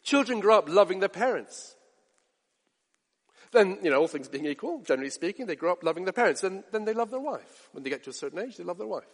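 Male preacher, impassioned sermon, high pitch, swings from loud to hushed, hall reverb. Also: big pitch swings, fast talker, slightly rough. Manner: passionate, direct questions to listeners, swings from loud to hushed.

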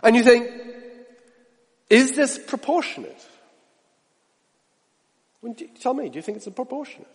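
Male preacher, high animated voice, sermon with rhetorical questions and hushed asides, long hall reverb. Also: measured pace, pauses often, slightly rough.

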